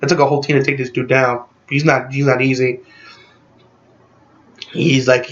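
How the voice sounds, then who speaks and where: A man casually recapping a movie in a rambling, excited way, packed with "like" fillers. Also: medium pitch, moderate pace, long pauses, lo-fi sound. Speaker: movie reviewer.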